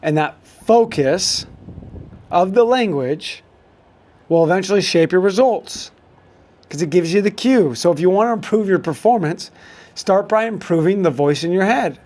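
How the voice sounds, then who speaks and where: A man's voice: high-pitched, lively intonation, moderate pace, a little mellow. A man hosting a solo sports podcast, coaching listeners in a motivational way. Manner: coaching, motivational, with fillers and restarts.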